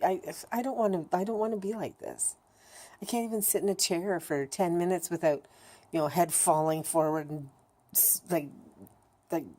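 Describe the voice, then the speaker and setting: A woman's voice: deep voice, mellow. A woman recording a candid personal video diary, talking bluntly, swearing heavily and rambling with many restarts. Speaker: vlogger.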